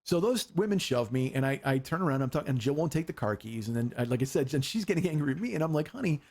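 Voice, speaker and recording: A man in his forties hosting a comedy podcast, telling a story in a rapid, excitable, profane monologue. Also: medium pitch. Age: 40s.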